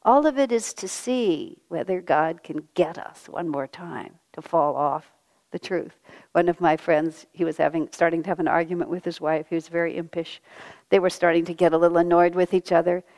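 A woman giving a devotional talk as a spiritual teacher, gentle and reflective, often letting her voice fall soft and quiet, with touches of light self-mocking humor. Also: fairly low pitch, normal speed.

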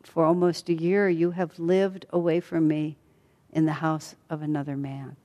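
A woman voicing a reserved male warrior-king who speaks in formal, measured declarations. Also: deep voice, little pitch movement, mellow, highs cut off, close to an everyday voice. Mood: stern. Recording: long hall reverb.

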